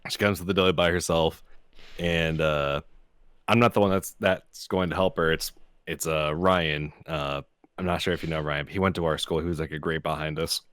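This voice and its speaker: A man's voice: rumbling low, fairly even intonation, moderate pace, a bit bright, clean tone, no echo. A young man co-hosting a podcast, telling profane stories about his job and laughing often. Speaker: podcast co-host. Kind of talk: casual storytelling chat.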